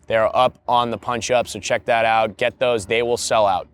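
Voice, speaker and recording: A man's voice: mid-range voice, little pitch movement, moderate pace, smooth. A young man hosting his own podcast alone, chatting casually about tour dates and self-care with crude jokes. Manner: laid-back, crude jokes, bursts into loud mock-announcer parody. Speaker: podcast host. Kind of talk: casual solo podcast chat.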